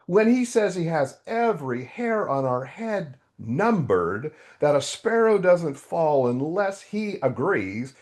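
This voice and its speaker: A man's voice: fairly high pitch, slow, hardly any pauses. A man in his sixties, a guest author animatedly telling a story in a podcast interview. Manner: animated storytelling with quoted dialogue.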